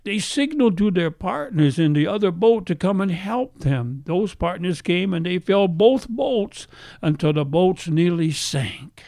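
A man's voice: sits high, animated, measured pace, creaky, darkish tone, no echo, clean studio sound. A middle-aged male pastor preaching a sermon. He has a faint brogue-like sound left from a speech impediment, repeats phrases for emphasis and asks his listeners questions.

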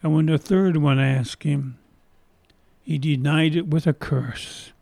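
A man's voice: fairly high pitch, steady tone, measured pace, dark tone, no echo, studio quality. A man preaching a sermon, retelling a story in a folksy way and repeating phrases for emphasis.

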